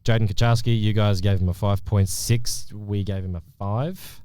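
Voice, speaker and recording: A man's voice: on the low side, fairly even intonation, moderate pace, dark tone, smooth, no room sound. A man co-hosting a football podcast, reading out player ratings in a joking, laid-back way. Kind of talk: casual chat.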